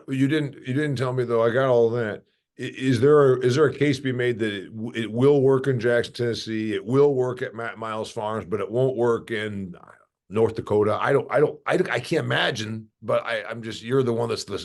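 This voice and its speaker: A man hosting a farming podcast interview, talking in an animated, restless way that often restarts mid-sentence. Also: medium pitch, normal speed. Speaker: podcast host. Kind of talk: casual interview.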